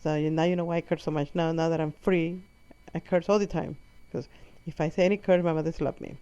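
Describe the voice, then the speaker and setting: A woman's voice: low voice, steady tone, quick pace, warm tone, clear, resonant tone. A woman with a non-native English accent tells a rambling, self-correcting comic story and acts out her mother's lines. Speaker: comedic storyteller. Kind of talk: comic monologue. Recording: muffled lo-fi audio.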